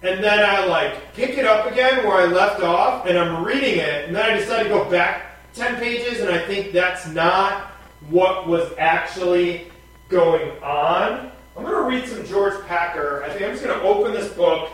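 A man's voice: sits high, moderate pace, a bit bright. A man hosting a radio show, chatting in a rambling, wry way with many fillers. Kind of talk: casual radio chat. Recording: very echoey, far from the mic.

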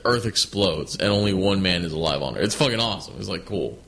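A man's voice: low-pitched, animated, quick pace, vocal fry, fairly bright tone. A man co-hosting a podcast, talking in loose, profane banter. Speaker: podcast co-host. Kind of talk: casual chat.

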